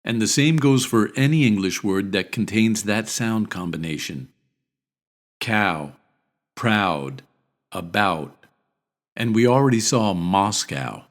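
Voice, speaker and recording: A man teaching pronunciation in a scripted video lesson, repeating each word deliberately and clearly. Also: lowish voice, animated.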